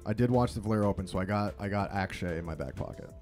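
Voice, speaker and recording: Wisecracking young man, low voice. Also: a little mellow, soft background music. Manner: wisecracking, teasing, quick jokes. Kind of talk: casual chat.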